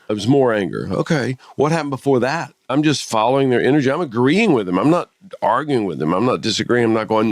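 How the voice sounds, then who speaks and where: A man's voice: mid-range voice, fast, no echo, clean studio sound. A man who is a therapist and podcast co-host, explaining ideas in casual conversation and acting out bits of dialogue. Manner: animated, acts out dialogue while explaining.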